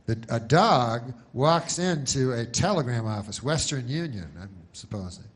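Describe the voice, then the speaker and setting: Brief: male stand-up comic, dry deadpan delivery, meandering and hesitant. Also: mid-range voice, measured pace. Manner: deadpan, rambling, full of restarts. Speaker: stand-up comedian. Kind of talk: stand-up comedy.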